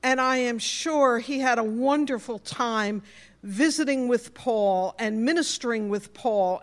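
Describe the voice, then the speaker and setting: A woman pastor with a New York accent delivers a sermon at an unhurried pace. Her voice sits a little high, and she tells stories in a warm, personal way.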